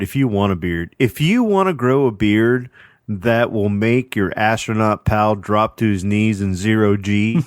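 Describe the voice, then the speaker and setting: A male podcast co-host who talks slowly and trades wisecracks, laughing at his own lines. The sound is close and dry. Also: mid-range voice, no echo. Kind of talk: casual podcast banter.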